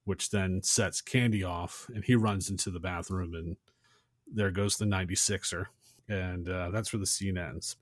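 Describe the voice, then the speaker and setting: A man's voice: low voice, steady tone, moderate pace, no echo, studio quality. A man co-hosting a podcast, casually retelling a movie scene and acting out the characters' lines. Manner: retells scenes and acts out quotes. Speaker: podcast co-host.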